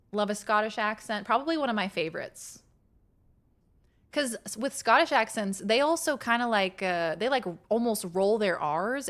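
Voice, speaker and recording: Laughing often and letting a swear word slip now and then, a young adult woman chats with viewers while playing a game on stream and thinks aloud. She has a medium-pitched, slightly bright voice.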